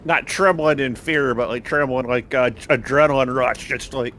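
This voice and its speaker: A man playing a tabletop game, excitedly describing what his character does. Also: medium pitch, moderate pace, a little hiss or hum. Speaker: player. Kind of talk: tabletop role-play.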